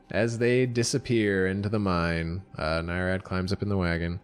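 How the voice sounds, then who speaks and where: A man's voice: low-pitched, steady tone, clean tone. A man running a tabletop game as game master, easygoing and laughing, with many fillers. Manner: unhurried, laughing, full of fillers.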